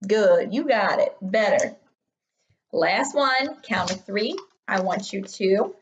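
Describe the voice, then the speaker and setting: A woman's voice: mid-range voice, gravelly, highs cut off. A young woman teaching third graders in an upbeat, encouraging recorded online lesson. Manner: upbeat, encouraging, talks to children.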